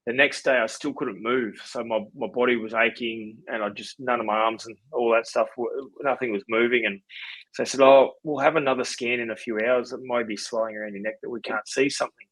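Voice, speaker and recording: A man in his forties with an Australian accent, a podcast guest telling his story in a relaxed, rambling way with lots of fillers. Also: medium pitch, dry recording, rough recording. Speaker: podcast guest, former rugby league player. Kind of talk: casual storytelling interview.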